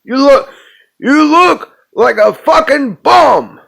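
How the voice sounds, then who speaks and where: A furious rich old man, as a man puts him on bellows his scorn in a high, strained voice. Every word is drawn out slow and loud. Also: expressive, vocal fry, exaggerated voice. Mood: scornful. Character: angry rich old man scolding a slacker.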